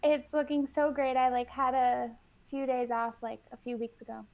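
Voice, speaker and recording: A woman's voice: high-pitched, steady tone, moderate pace, creaky, a little mellow. A woman guest in casual interview chat, bubbly and full of "like", acting out what she and others said. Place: New York.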